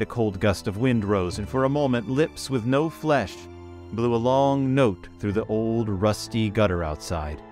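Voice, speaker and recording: Man narrating a horror story over music. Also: fairly low pitch. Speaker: story reader.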